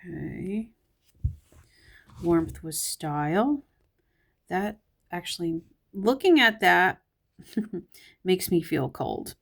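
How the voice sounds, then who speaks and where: Slow, low-voiced woman musing aloud. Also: creaky. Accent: Southern US. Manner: relaxed, musing, thinking aloud. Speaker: magazine reviewer. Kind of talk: casual commentary.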